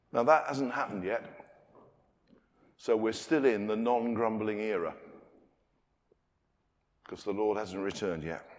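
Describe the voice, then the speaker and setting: A British preacher talks his congregation through a sermon in a conversational way. He swings from loud, pressing emphasis to quiet asides. His voice sits at an ordinary middle pitch and trails a long echo around the church. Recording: long reverb of a church hall.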